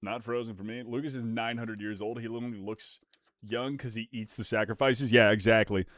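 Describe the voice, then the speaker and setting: A young man live-streaming, chatting casually with his viewers while opening trading card packs. He is excitable and animated, swears casually and reads the chat aloud. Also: medium pitch, brisk, dry recording, studio quality.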